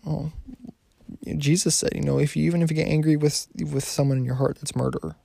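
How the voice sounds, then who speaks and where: Man preaching casually, dark gravelly voice, dry close sound, loose phrasing with frequent restarts. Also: fairly high pitch, fairly even intonation, brisk, no room sound. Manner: conversational, frequent restarts and self-corrections. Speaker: Bible teacher. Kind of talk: casual sermon.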